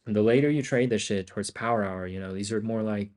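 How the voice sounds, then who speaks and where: A young man giving casual, profane, excitable commentary while trading live, often talking to himself. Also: fairly low pitch, fast talker. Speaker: day trader streaming live.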